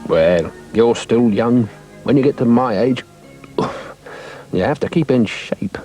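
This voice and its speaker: A man's voice: mid-range voice, lively intonation, takes it slowly, dark tone, faint music behind. Man voicing a fussy older man, self-important, puffing, storybook cartoon. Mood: lecturing. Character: fussy, vain older man fond of exercise.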